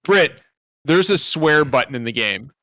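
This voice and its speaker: A man co-hosting a casual gaming podcast, telling stories in an animated way and swearing freely. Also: mid-range voice, unhurried, no room sound. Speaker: podcast co-host.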